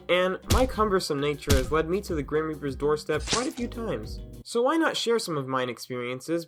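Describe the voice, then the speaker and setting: A young man from Tennessee narrating an animated storytime with jokes and self-deprecating asides. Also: fairly high pitch.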